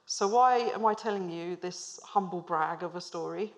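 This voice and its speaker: A woman's voice: lowish voice, normal speed. Engaging woman giving a storytelling business talk. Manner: engaging, asks the audience questions, lightly humorous. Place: stage before a live audience.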